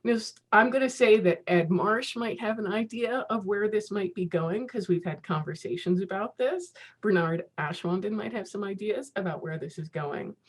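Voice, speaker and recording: A woman's voice: mid-range voice, normal speed, hardly any pauses, slightly rough. Woman, 50s, casual conference speaker on a video call; chatty, self-mocking, laughs easily. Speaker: keynote speaker.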